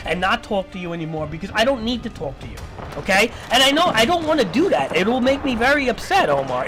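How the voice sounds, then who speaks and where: A man's voice: sits high, a bit bright. A man streaming, ranting in a lecturing, repetitive and profane way. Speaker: livestreamer. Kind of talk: casual stream rant.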